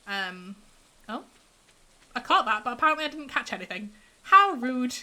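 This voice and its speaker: A young woman with a cold, her voice a little higher than most and bright, with an edge to it. She chats casually on a live game stream and answers her viewers' messages as they come in. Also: lively intonation, a little fast. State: has a cold, congested. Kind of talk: casual live-stream chat while gaming.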